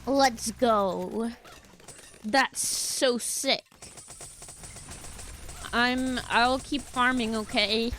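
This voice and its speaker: A woman's voice: high-pitched, slow pace, a bit bright, slight background noise. A young woman streaming a game, chattering playfully to her chat and teammates with silly bits. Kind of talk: casual gaming livestream chatter.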